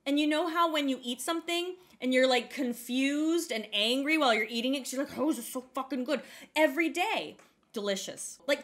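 A young adult woman co-hosting a podcast, telling a story in animated, sweary casual chat, full of "like" and acted-out quotes. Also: sits high. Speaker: podcast co-host.

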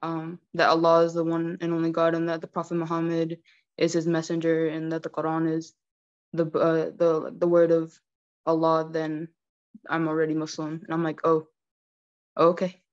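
A woman speaks politely and a little hesitantly over a video call. Her voice is low and flat, and the call audio sounds dull and lo-fi. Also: moderate pace, clear, resonant tone. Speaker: convert taking shahada.

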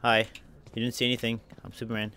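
A man's voice: mid-range voice, monotone, fast talker, background noise. A man commentating a video game as he plays, narrating every move, spelling out letters and repeating himself. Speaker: let's play gamer.

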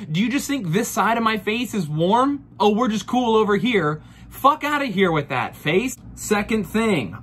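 A man's voice: sits high, a bit bright, slightly rough. A man in his thirties doing a profane, mock-furious comedic rant full of rhetorical questions. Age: 30s. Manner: exasperated, profane ranting.

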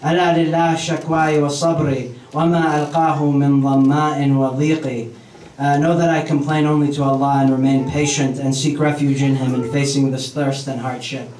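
A man's voice: on the high side, darkish tone. A man giving a sermon in a mosque, reciting Arabic verses and then translating them. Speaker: mosque speaker. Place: mosque hall. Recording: echoey hall, mic from far off.

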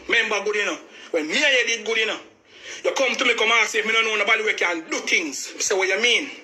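A man's voice: high-pitched, sharp tone, slight background noise. A man with a Jamaican accent giving a heated personal account, agitated and repeating himself for emphasis. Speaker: family member speaking out.

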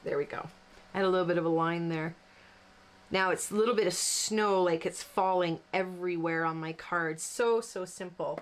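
A woman's voice: on the low side, moderate pace. A woman hosting a card-making tutorial, chatting casually and rambling with lots of fillers as she works. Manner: chatty, rambling, self-deprecating with frequent fillers. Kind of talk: casual crafting demonstration.

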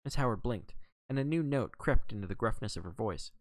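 A man reading a novel aloud with a lively delivery, sometimes stumbling and correcting himself. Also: medium pitch, fast talker, no echo. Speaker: reader.

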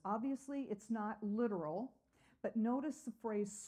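A woman's voice: on the high side, a little slow, dark tone. A woman teaching a Bible study lesson, asking her class questions and answering them herself, earnest, with frequent "uh" fillers.

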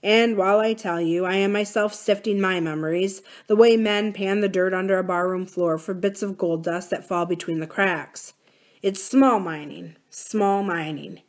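A woman reading aloud and voicing a gentle older man who speaks softly and slowly in a musing, reflective manner. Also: mid-range voice, steady tone, lightly acted. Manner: soft, slow and musing.

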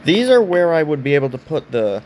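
A man's voice: a little high, very animated, brisk, darkish tone, slight background noise, rough recording. A man giving casual commentary over a block-building game, chatting to the game and mocking himself. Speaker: gaming video creator.

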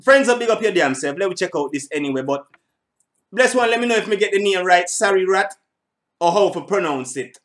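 A man's voice: high-pitched, expressive, fairly quick, a bit bright. A middle-aged man, hosting a reaction video in a rambling, casual way, repeating himself and swearing now and then. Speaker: reaction channel host.

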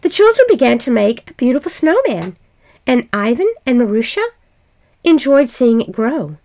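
A woman reading a fairy tale aloud in a gentle, expressive way. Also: on the high side, moderate pace. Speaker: storyteller.

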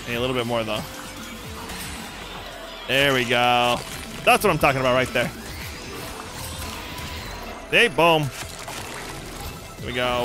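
A young man hosting a let's play, goofy and excitable, joking and yelping at the game. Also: mid-range voice, measured pace, pauses often. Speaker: gaming channel host. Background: game music.

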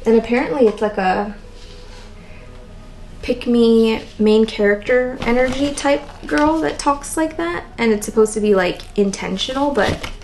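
A woman with a raspy, tired voice and constant vocal fry, chatting casually in a plant vlog. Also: a little high, unhurried, darkish tone, slight background noise, rough recording. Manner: chatty, rambling, lots of "like". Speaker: plant vlogger. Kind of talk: casual chat while potting plants.

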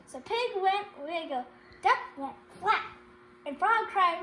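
Playful lady reading a kids book slow and sing-song, echoey room at home. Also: very high voice, animated, bright, forceful tone, slight background noise. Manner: playful, laughs often while reading. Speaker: parent reading a picture book aloud. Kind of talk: reading a picture book aloud.

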